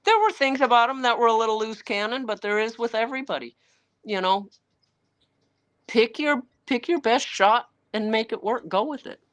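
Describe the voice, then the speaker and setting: A woman author with a fairly high voice replies to livestream viewers at a moderate pace. She's blunt and salty, rambling through candid anecdotes, dropping occasional swears and acting out others' remarks in quoted voices.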